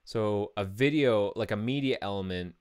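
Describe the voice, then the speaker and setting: Speaking into a studio mic with a pop filter, a programmer talks through his code on a live stream, thinking aloud, explaining casually step by step and correcting himself. His voice sits on the low side, clear and resonant, a little mellow, at a moderate pace.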